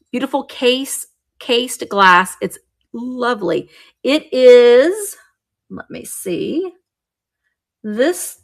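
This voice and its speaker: A woman's voice: on the high side, creaky, a bit bright. A woman hosting a live vintage sale stream, talking chattily and describing each item as she handles it. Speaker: host selling vintage items live.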